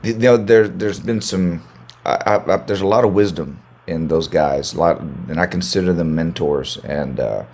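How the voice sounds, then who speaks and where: Deep gravelly American man. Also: moderate pace, a little mellow. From United States. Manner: rambling, repeats words as he restarts. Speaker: country singer, guest. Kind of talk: casual interview chat.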